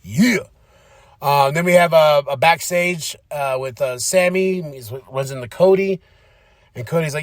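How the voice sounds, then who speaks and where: A man's voice: fairly high pitch, a little slow, no room sound, clean studio sound. A man hosting a podcast, casually recapping a wrestling show and acting out the wrestlers' lines. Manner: animated, acts out quotes in shifting voices. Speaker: podcast host.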